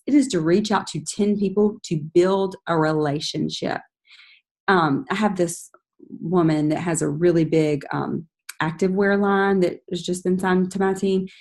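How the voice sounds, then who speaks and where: An energetic woman coaching her team on a call, her voice sitting a little low for a woman. She talks in a casual, motivational way and breaks into bright, chatty quoted messages. Her tone is encouraging and direct. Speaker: team leader giving sales tips.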